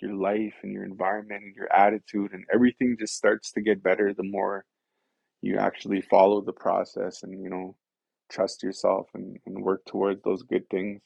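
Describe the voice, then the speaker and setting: Low gravelly man, earnest and rambling. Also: darkish tone, dry recording. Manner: earnest and rambling, many fillers like "you know" and "right". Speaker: guest sharing a recovery story. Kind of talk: candid personal storytelling. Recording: dull lo-fi dry recording.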